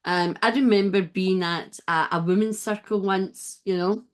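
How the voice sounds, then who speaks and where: A woman's voice: mid-range voice, steady tone, normal speed. Rambling, chatty woman host. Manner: warm, rambling, gets emotional and laughs. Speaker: podcast host. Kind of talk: casual interview chat.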